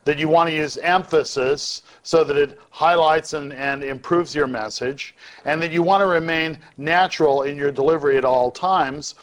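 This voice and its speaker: A man teaching public speaking in a lecture, deliberately shifting his volume and pace to show each point. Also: a little high.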